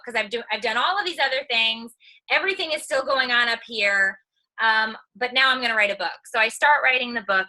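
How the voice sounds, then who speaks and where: A woman's voice: a little high, bright, forceful tone, rough recording. A woman who makes online videos, giving a chatty, candid motivational talk on a live video stream. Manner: candid, chatty storytelling with humor. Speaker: online video creator and mom.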